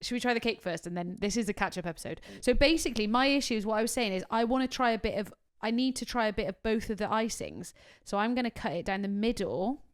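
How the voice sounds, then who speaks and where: A woman's voice: on the high side, lively intonation, fast talker, few pauses, clear, resonant tone. A young woman co-hosting a podcast, chatting casually, blunt and swearing freely. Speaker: podcast co-host. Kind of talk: casual chat.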